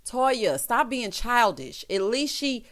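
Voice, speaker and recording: A woman's voice: on the high side, sing-song, slow pace, fairly bright tone. Sassy chatty woman vlogger. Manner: sassy, chatty, talks straight to the cast. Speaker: recap vlogger. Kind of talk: casual reality-TV recap.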